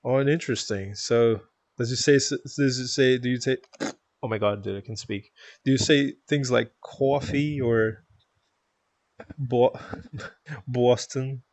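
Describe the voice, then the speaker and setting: Canadian male streamer, chatty and loose, average pitch, close mic in a dead-dry room. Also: normal speed, no echo. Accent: Canadian (Toronto). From Toronto, Canada. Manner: chatty, rambling, laughs often. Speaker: live streamer. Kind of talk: casual stream chat, reading chat aloud.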